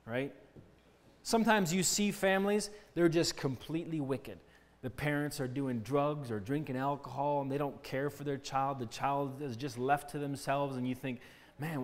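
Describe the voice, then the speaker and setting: A man teaching children a Bible lesson in an earnest, explaining way, often asking them questions. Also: on the high side. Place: church hall. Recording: long church-hall reverb.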